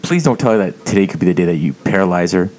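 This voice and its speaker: A man's voice: sits low, quick pace, crowd noise. A man in casual conversation, telling funny stories and quoting people as he goes. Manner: laid-back storyteller, quotes people in lively bursts. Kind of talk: casual chat. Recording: background noise.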